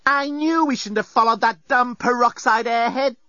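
A man voicing a panicky, shrill young woman in an audiobook, on a dry, slightly dull recording. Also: normal speed, sharp tone, no echo. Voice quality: shrill, screaming, hysterical. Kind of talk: audiobook character voice.

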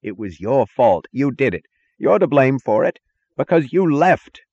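A man's voice: mid-range voice, very animated, a little slow, a little mellow, no room sound, dull audio, voice pushed up. A man narrating a novel and voicing a panicked male railroad executive who screams and blames others. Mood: blaming. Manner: screaming, blaming.

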